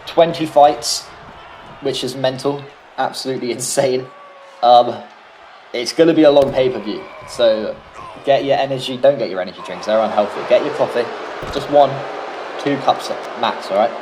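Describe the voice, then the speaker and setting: A man's voice: medium pitch, normal speed, a little mellow, a little hiss or hum, poor audio. A British man doing casual, rambling solo play-by-play commentary of a wrestling video game, swearing freely and drifting into jokey tangents.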